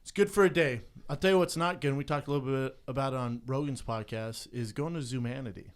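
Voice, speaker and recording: A man's voice: mid-range voice, fast talker. A man co-hosting a podcast, telling stories in casual, slangy chat with laughs, acting out the people he quotes. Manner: animated, acts out quotes with shifting voices. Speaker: podcast co-host.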